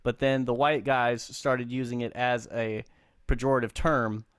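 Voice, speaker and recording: A man co-hosting a comedy podcast in casual chat, playful and quick to laugh. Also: mid-range voice, clear, resonant tone, no echo, clean studio sound. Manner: animated, laughing, playful quips. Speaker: podcast co-host.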